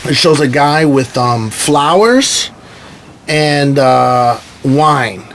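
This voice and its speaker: A man's voice: on the high side, drawn-out words, slight background noise. A man from New York, an actor and comedian, telling stories in a casual podcast chat aboard a sailboat, acting out quotes and swearing freely. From New York State, USA. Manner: animated storyteller who acts out quotes and swears freely. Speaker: guest, actor and stand-up comedian.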